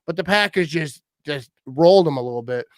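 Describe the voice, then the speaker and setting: A man tells rambling, crude stories on a podcast, laughing as he goes. His voice sits high and swings widely in pitch. The sound is dry and close. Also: animated, brisk, dry recording. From Wisconsin. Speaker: podcast host. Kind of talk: casual chat.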